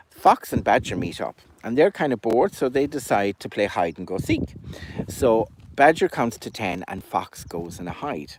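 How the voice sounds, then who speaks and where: A man's voice: mid-range voice, a little hiss or hum. A man telling a children's puppet story in a chatty, rambling way.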